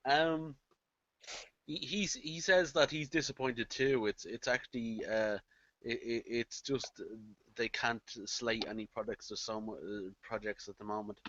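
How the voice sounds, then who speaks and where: Halting man, casual film chat. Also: mid-range voice, a bit bright, no room sound. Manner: halting, repeats words, laughs easily. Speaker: podcast co-host. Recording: dull dry lo-fi podcast mic.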